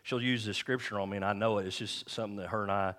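A middle-aged man preaching a sermon in a church, talking candidly and with self-deprecating humor, and slowing down to read scripture aloud. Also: fairly low pitch, steady tone, fairly bright tone. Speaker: pastor.

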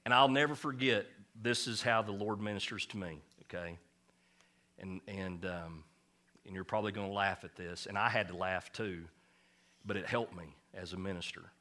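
A man's voice: low-pitched, steady tone, moderate pace, sharp tone. A male pastor, preaching a sermon through a folksy, self-deprecating personal story, laughing often.

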